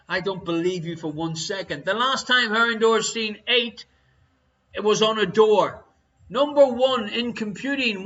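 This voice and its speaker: An Irish man runs a live-streamed quiz in a high, bright voice and ribs his viewers between answers. The stream audio is dull and lo-fi, with little clarity up top. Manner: jokey, teasing banter with viewers. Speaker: quiz show host.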